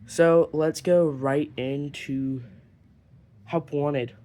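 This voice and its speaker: A man's voice: fairly high pitch, steady tone, drawn-out words, dark tone. A man from Ireland talking through his toy collection in a loose, rambling way. He fills his sentences with fillers and restarts, and now and then drops almost to a whisper before picking back up. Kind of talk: casual collection show-and-tell.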